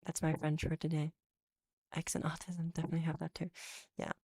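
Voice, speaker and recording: Low-voiced European woman, chatty streamer. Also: completely flat delivery, a little fast, a little mellow, husky, no echo, clean studio sound. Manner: rambling, chatty, laughs often, restarts words. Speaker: VTuber streamer. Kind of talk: casual chat reading viewer comments.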